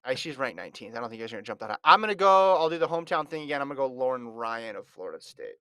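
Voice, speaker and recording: A man's voice: medium pitch, animated, rapid-fire, bright, forceful tone, clear, resonant tone, no room sound. A man hosting a casual sports chat, running a fantasy draft in a chatty, teasing way and reading out lists of picks.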